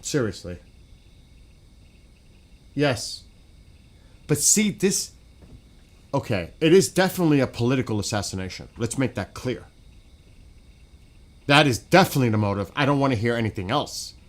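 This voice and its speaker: A man chatting live on his gaming stream in a voice of average pitch. He is blunt and profane and rambles through restarts. He keeps wandering away from his microphone. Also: expressive, normal speed, long pauses. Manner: blunt and agitated, swears often, rambling with restarts. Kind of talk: casual live-stream chat.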